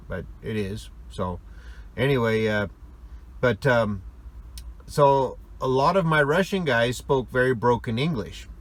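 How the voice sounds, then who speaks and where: Brief: middle-aged male ex-business owner, chatty, digressive storyteller, everyday mid pitch. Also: a bit bright. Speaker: former trucking company owner. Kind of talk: casual storytelling.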